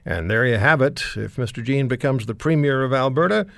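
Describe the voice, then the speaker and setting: A man's voice: mid-range voice, a little fast, gravelly, a bit bright, no echo. Talk show host, man, dry studio sound.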